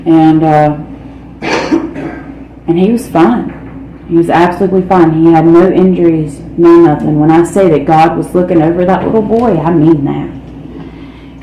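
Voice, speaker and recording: A woman's voice: low voice, moderate pace, mellow. A woman giving a candid, blunt recovery testimony as a speaker, peppering her talk with "man" and "you know.". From North Carolina, United States. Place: meeting hall. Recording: echoey room with faint ambient noise.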